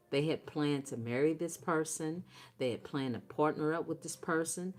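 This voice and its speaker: A woman's voice: sits low, darkish tone. A woman giving a blunt, profane tarot reading, talking straight to her viewers with heavy emphasis. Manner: talks straight to her audience. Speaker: tarot reader.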